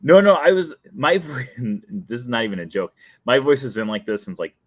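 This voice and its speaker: On his casual live stream, a young adult host banters playfully, breaks into a jingle, and laughs at himself a lot. His mid-range voice is expressive, his pace moderate, and there's no echo.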